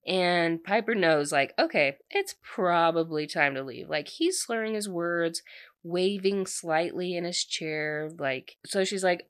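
Chatty woman recapping a story, lower voice, dry close sound, casual. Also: animated, measured pace, no echo. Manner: chatty, peppered with "like", laughing asides.

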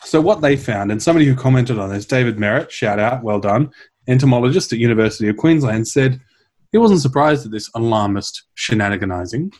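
Wry, animated man telling a story. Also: mid-range voice, quick pace. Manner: wry, animated storyteller who swears and jokes. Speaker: podcast co-host telling a science story. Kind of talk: casual comedic science chat.

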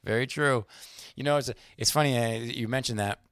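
A middle-aged man co-hosting a casual book discussion, chatty and rambling, sometimes reading passages aloud slowly. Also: medium pitch, smooth, no room sound, studio quality. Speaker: podcast co-host.

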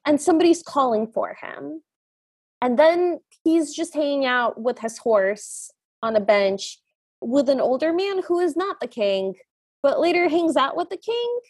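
A woman's voice: high voice, animated, measured pace, darkish tone, no room sound. A woman co-hosting a podcast, casually recapping a film in a chatty, giggly way and acting out the scenes as she goes. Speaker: podcast co-host.

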